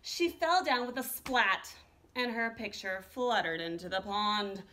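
A woman art teacher reading a children's picture book aloud with an expressive, animated delivery. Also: medium pitch, a little slow. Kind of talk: storybook read-aloud.

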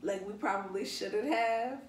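A woman's voice: medium pitch, measured pace. Woman, podcast co-host, casual chat, playful and teasing, distant mic, echoey room. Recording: roomy echo, distant mic, faint noise.

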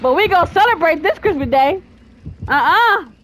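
A woman giving loud, excitable gameplay commentary, cheering her teammates on and trash-talking the opponent. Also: very high voice, normal speed, slight background noise. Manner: trash-talks the killer. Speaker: gaming video creator. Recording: loud game music behind the voice.

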